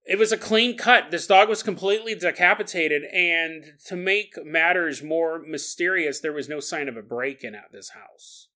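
A man's voice: a little high, normal speed, few pauses, sharp tone. A man hosting a podcast, telling a strange story in a casual, jokey way and laughing often. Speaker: podcast host.

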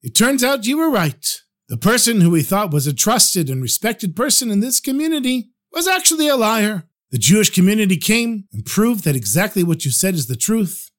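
A brusque, impatient policeman barks out his orders, as a storyteller puts him on. The voice is pitched high for a man. It sounds like an audio storybook. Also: very animated, moderate pace, hardly any pauses, a bit bright.

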